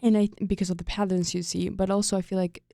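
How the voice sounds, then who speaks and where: A woman's voice: mid-range voice, fast talker, creaky, dry recording, studio quality. A young woman from Germany with a German accent, hosting a casual podcast chat and telling stories with frequent laughs. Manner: animated storyteller, laughs often, trails off mid-sentence. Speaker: podcast host.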